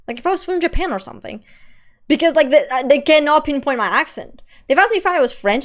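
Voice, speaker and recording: A woman's voice: high-pitched, very animated, rapid-fire. Chatty young woman, Portuguese accent. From Portugal, Lisbon. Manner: chatty, laughs often, swears casually. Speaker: streamer. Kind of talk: casual live-stream chat.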